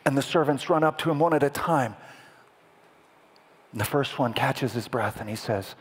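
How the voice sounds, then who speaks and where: A man's voice: medium pitch, lively intonation, fairly quick, husky. A man preaching a sermon as dramatic movie-trailer narration, adding vocal sound effects for a live audience in a hall. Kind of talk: sermon storytelling.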